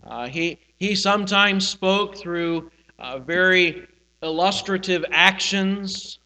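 A man preaches a sermon in a high, bright voice. He swells and drops his volume for emphasis, and a long hall reverb trails his words. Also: slow. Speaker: pastor.

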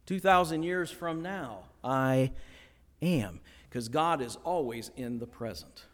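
A man preaching a sermon, animated, acting out the voices of the people he quotes. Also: medium pitch, takes it slowly. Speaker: pastor. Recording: long hall reverb.

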